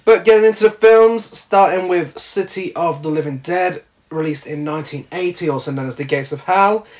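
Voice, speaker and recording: A man's voice: high-pitched, normal speed, a little mellow. A man co-hosting a film podcast, chatting casually and joking easily. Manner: jokey, laughs easily. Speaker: podcast co-host.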